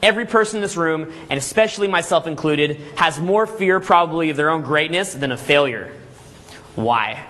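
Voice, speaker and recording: A man giving a live seminar lecture to a room of people, energetic and full of rhetorical questions and "okay?" checks, acting out scenes as he tells them. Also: a little high, moderate pace. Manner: acts out scenes with vivid storytelling. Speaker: seminar speaker.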